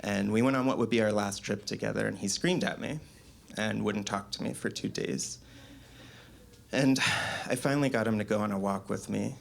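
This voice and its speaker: A man from the US South performing a confessional stand-up set in a small comedy club, telling stories deadpan with sudden high-pitched voices for the people he quotes. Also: moderate pace, creaky, slight background noise.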